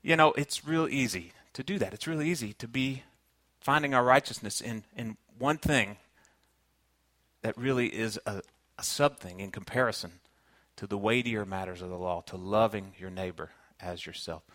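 Preaching in an earnest, conversational style, this Kentucky pastor with a Southern accent mixes personal stories into his sermon. His voice is fairly low and a bit bright, at normal speed, with no echo on the recording.

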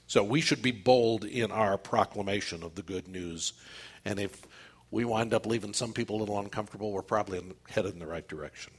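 Male pastor, husky tone, emphatic sermon delivery to a congregation. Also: lowish voice, fairly quick. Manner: emphatic preaching with rhetorical questions to the congregation.

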